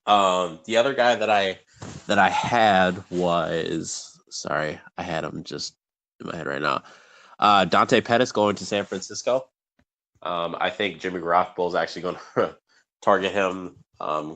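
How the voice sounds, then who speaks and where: A man's voice: low-pitched, a bit bright. A man co-hosting a sports podcast, talking casually and rambling with many fillers and restarts. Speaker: podcast co-host.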